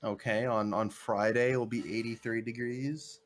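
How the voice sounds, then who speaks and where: A man on a stream's voice chat, talking loudly and repetitively, complaining in casual chat. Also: medium pitch, steady tone, moderate pace. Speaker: guest on voice chat.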